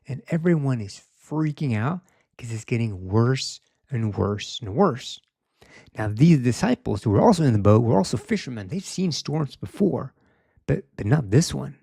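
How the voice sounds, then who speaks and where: Gravelly, dark-voiced young man preaching. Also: mid-range voice, no echo, clean studio sound. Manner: conversational, uses "like" often, acts out quotes. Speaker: speaker. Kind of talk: casual sermon.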